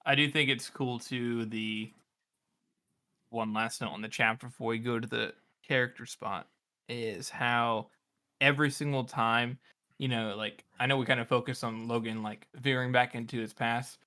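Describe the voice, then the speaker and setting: A man co-hosting a podcast in casual chat, teasing his friends and quick to laugh. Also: mid-range voice, steady tone, sharp tone, clean tone. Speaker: podcast co-host.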